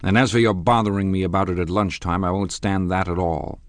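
A male audiobook reader voicing a burly rich man, blustering and annoyed, with a loud, brusque manner. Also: sits low, fairly even intonation, brisk, dry recording, natural voice. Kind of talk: audiobook character voice.

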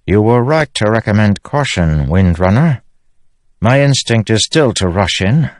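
Impulsive young king, earnest and eager, voiced by a male narrator, high and lively, dry read. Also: a little slow, no echo.

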